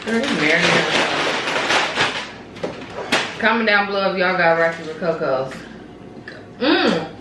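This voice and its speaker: A woman's voice: on the low side, lively intonation, a little slow, pauses often, very noisy. A young woman chatting and teasing in casual slang while eating on camera, in an echoey room far from the mic. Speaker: mukbang vlogger.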